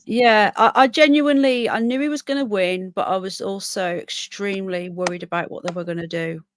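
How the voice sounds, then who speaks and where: A woman's voice: mid-range voice, brisk, a little hiss or hum. A British woman hosting a casual live stream, chatting at length and reading figures aloud with plenty of fillers. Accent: British English. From Britain. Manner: chatty, rambling, reads results aloud with many fillers. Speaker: livestream host.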